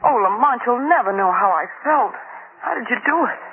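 A woman's voice: fairly high pitch, lively intonation, a little fast, slight background noise. An actress playing an anxious, affectionate young woman in a 1940s radio drama, pleading and playfully scolding. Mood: relieved, scolding. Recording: tinny old radio broadcast.

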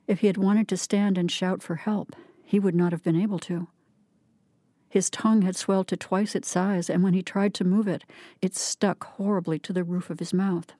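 A woman reads a literary short story aloud in a measured, even narration. Her voice is low and mellow. The recording is close and dry, with no room sound. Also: dry recording. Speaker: reader. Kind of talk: literary reading.

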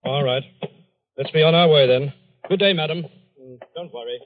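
An actor playing a brisk, matter-of-fact police detective who reassures as he explains, in 1940s radio acting style on a dull old broadcast. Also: fairly high pitch, dry recording, natural voice. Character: brisk Scotland Yard detective.

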